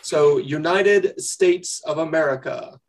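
A man with a somewhat higher voice hosts a relaxed podcast interview. He is playful, firing off light questions and word games at his guest. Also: slow, a little hiss or hum. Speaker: podcast co-host.

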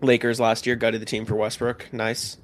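A man's voice: mid-range voice, completely flat delivery, normal speed, a little hiss or hum. A man co-hosting a casual sports podcast, chatty and often laughing. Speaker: podcast co-host.

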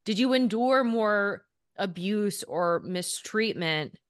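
A woman's voice: medium pitch, expressive, slow, dry recording, studio quality. A woman hosting a podcast, asking long rambling questions full of fillers. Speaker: podcast host. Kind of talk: interviewing conversation.

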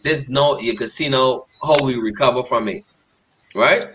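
A man calling in to a cricket show, making his point slowly with restarts. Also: mid-range voice, background noise. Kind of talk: sports debate.

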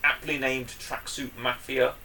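A man chats casually as a podcast co-host, rambling and enthusiastic, jumping into loud bursts when something excites him. His voice has a bright edge. He sits a little back from the mic. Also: medium pitch, unhurried, recorded from a distance, slight background noise. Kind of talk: casual chat.

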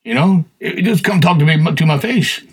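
Gravelly, husky older man telling stories. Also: fairly high pitch, animated, brisk. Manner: folksy, plain-spoken, with frequent "you know" and "man". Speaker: podcast host. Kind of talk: personal testimony storytelling.

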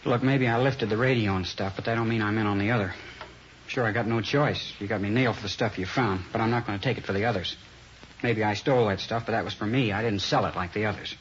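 A man's voice: on the low side, quick pace, natural voice. A young man playing a sullen teenage car thief. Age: young adult. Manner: evasive, curt answers. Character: sullen nineteen-year-old male car thief. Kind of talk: 1950s radio crime drama. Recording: lo-fi old radio recording with faint noise.

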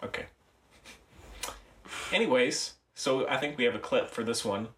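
A man co-hosting a podcast in casual chat, halting and often repeating his words. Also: medium pitch, fairly bright tone, slight background noise. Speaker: podcast co-host.

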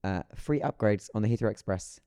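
London guy co-hosting, relaxed, smooth resonant voice, dry sound. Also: lowish voice, brisk, dry recording. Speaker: podcast co-host. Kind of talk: casual chat. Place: room in Doha, recorded together in person.

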